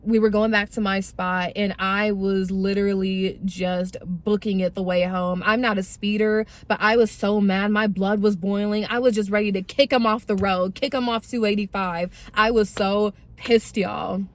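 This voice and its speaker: A woman's voice: medium pitch, fairly even intonation, moderate pace, few pauses. Young woman telling a candid personal story. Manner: candid and conversational, addresses viewers as "y'all". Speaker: vlogger sharing a personal testimony. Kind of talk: casual spoken testimony.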